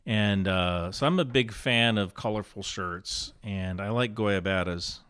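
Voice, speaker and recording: A man with a stuffy nose, a podcast guest in casual conversation, telling animated anecdotes with big swings in his voice. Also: on the low side, a little slow, clean tone, dry recording, studio quality.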